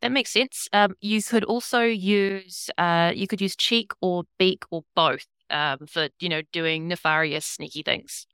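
Bright, crisp-voiced woman game master. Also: on the low side, fairly even intonation, a little slow, hardly any pauses, dry recording, clean studio sound. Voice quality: casual, rambling, swears freely. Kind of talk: explaining rules of a tabletop game.

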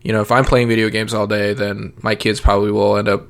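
A man's voice: fairly low pitch, flat delivery, quick pace, creaky, a bit bright. A man talking casually about parenting and cars, rambling with many fillers and restarts. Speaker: parent podcast guest. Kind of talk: casual chat.

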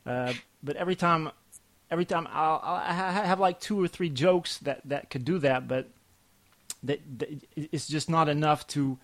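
A man, a podcast guest telling a family story in a halting, lively way. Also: fairly high pitch. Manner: halting, restarts often, lively when telling stories. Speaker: podcast guest, comic artist. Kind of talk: casual storytelling chat.

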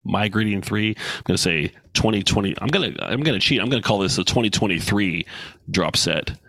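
A man's voice: on the low side, animated, brisk, fairly bright tone, no room sound. A man hosting his own podcast in a casual solo talk, blunt, profane and joking. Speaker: podcast host. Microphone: studio microphone with headphones.

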